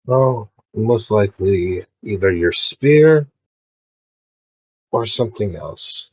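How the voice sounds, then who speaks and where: Male tabletop player, low husky voice, dry close sound, wry and casual. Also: animated, takes it slowly, a little mellow, no echo. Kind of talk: casual tabletop game chat.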